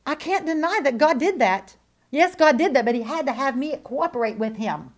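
Woman preacher, fairly high voice, emphatic testimony, loud then hushed. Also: moderate pace. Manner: animated, emphatic, swings between loud declarations and hushed asides. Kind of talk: sermon testimony.

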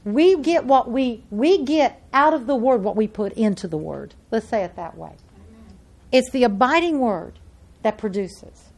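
A woman preaching a sermon and reading scripture aloud, swinging between loud emphasis and hushed, soft lines. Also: fairly high pitch, expressive, unhurried, vocal fry.

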